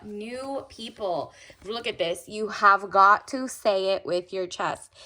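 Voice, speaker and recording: A woman giving a casual tarot reading, chatty and animated, with lots of "like" and "okay?". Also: fairly high pitch. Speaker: tarot reader.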